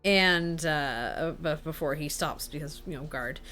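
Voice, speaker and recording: A woman's voice: low voice, measured pace, sharp tone, soft background music. A young woman narrating a tabletop game as game master, casual, with many fillers and light laughs.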